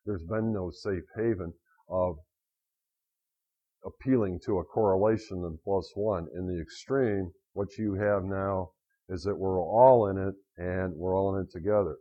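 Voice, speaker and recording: A middle-aged man lecturing on finance to a class, telling lively anecdotes and acting out quotes, in a dull lo-fi recording. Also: low-pitched, measured pace, slightly rough. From United States.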